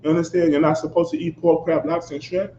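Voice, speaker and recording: Speaking fast with little pitch movement, a fairly high-voiced preacher delivers a fiery, confrontational sermon, emphatically hammering points and repeatedly asking "you understand?" Loud outbursts give way to low asides, and the echoey, dull recording carries faint ambience and slight background noise.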